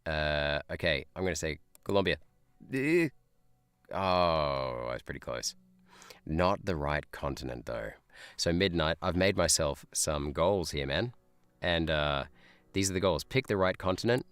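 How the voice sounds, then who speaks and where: A man's voice: very deep voice, moderate pace, a bit bright, clean tone, no room sound, soft background music. A man who is a teacher, streaming a guessing game live, thinking aloud in a chatty way and laughing often. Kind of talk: live gameplay chat.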